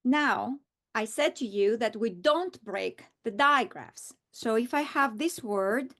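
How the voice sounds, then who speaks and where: A middle-aged woman teacher modeling a reading strategy aloud, slow and deliberate, repeating words for emphasis. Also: a little high, a bit bright.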